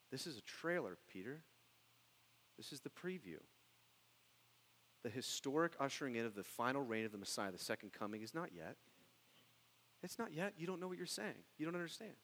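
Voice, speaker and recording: Animated preacher man in a reverberant hall. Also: sits low, a little hiss or hum. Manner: animated preaching, swings from hushed to loud excited bursts. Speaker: pastor. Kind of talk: sermon.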